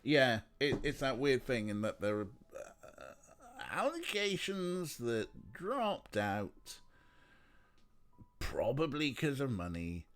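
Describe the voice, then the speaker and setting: A man's voice: mid-range voice, sing-song, slow, a bit bright, faint music behind. A man streaming a game, chatting casually in a rambling, filler-heavy way. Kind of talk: casual let's play chat.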